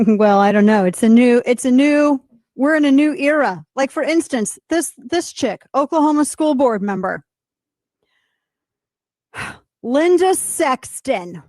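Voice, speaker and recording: A woman's voice: high voice, no echo, studio quality. Sarcastic woman talk show host. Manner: mocking, animated, quick asides. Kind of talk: sarcastic political commentary.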